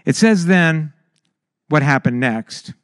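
A man preaching with a high, bright voice, dry and close to the mic. He delivers his sermon in an animated way, stumbling over words when excited. He leaps into anguished, high cries as he acts out the story. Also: slow, no echo. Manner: stammers and restarts when excited.

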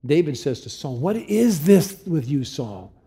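Dark-toned preacher acting out scripture. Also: male voice, big pitch swings. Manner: acts out biblical characters' lines with rising pitch and slowed emphasis. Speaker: pastor. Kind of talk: sermon.

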